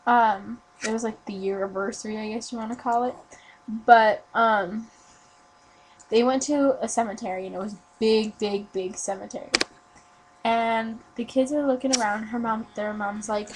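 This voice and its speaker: A woman's voice: a little high, steady tone, darkish tone, low-quality recording. Teen girl, casual webcam storyteller who rambles and corrects herself; faint background hum. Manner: rambling, filler-heavy ghost story with quick self-corrections. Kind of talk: casual video reply storytelling. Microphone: webcam mic.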